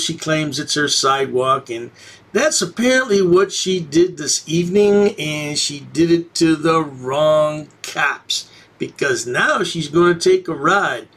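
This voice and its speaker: A man's voice: a little high, fairly bright tone, husky. A man hosting a commentary channel, mocking the people in the clip in a sarcastic, sing-song way. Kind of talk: sarcastic commentary over video.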